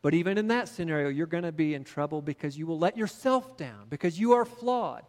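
High-voiced male preacher in a hall. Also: lively intonation, brisk, hardly any pauses, darkish tone. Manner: storytelling, building to emphatic preaching. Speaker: pastor. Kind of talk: sermon with personal story.

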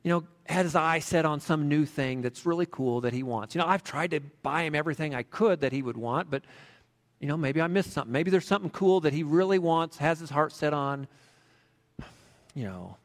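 A man acting out a worn-out father who snaps impatiently, his voice pitched up and tight. It rings out with a long reverb, as if in a large hall. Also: a little fast, natural voice. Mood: regretful. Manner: impatient, snappish. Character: tired, annoyed busy father.

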